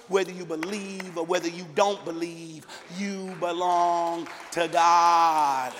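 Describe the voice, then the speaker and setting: A man's voice: high-pitched, long reverb tail. A man preaching a sermon to his congregation in a church, fervent and conversational with call-and-response. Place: church sanctuary.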